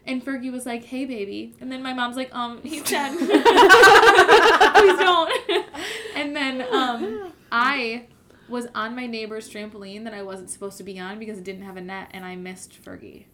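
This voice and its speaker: A woman's voice: mid-range voice, little pitch movement, a little fast, few pauses, slight background noise. A young woman in casual chat, telling stories with frequent laughter and casual swearing.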